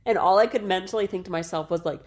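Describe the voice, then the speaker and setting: Talking fast in a lowish voice, this thirtysomething woman co-hosts a podcast. She shares a personal story casually, full of animation, cursing, and laughter.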